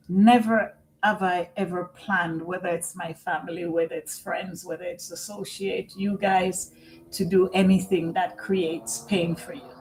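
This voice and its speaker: Middle-aged woman on a live stream, low voice, very slow and earnest, keeps repeating herself, faint room hum. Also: darkish tone, rough recording. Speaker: vlogger and family caregiver. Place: at home. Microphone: computer microphone.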